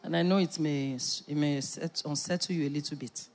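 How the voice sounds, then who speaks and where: A middle-aged woman pastor preaching a sermon, emphatic and animated, with playful asides. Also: low-pitched, normal speed.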